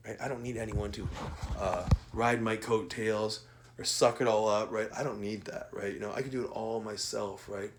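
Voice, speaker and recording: A man's voice: fairly low pitch, steady tone, normal speed. A man delivering a rambling, profane rant monologue, combative and repetitive, tagging sentences with "right?" and "man" and often trailing off or restarting.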